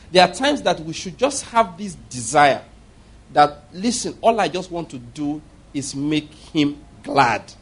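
Middle-aged man, pastor, sermon, emphatic and repetitive storytelling, slightly high, husky.

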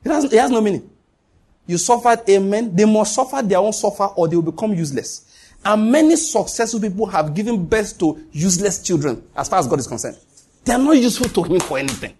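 A man's voice: sits high, expressive, fast talker, dark tone, husky. A man preaching a sermon as pastor, emphatic, repeating key lines and dropping joking asides.

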